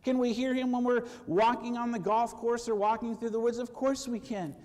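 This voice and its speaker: A man preaching a sermon to his congregation, lively and conversational, calling for amens and acting out quoted voices. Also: very high voice, moderate pace, long reverb tail. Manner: animated, acts out quoted voices, asks for amens. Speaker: pastor. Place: church sanctuary.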